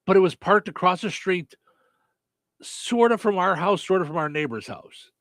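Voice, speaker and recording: Middle-aged man, casual talk, slightly high pitch, dry close sound. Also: normal speed, fairly bright tone, dry recording. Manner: chatty storyteller, many hm-hmms. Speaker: co-host. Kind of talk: casual chat.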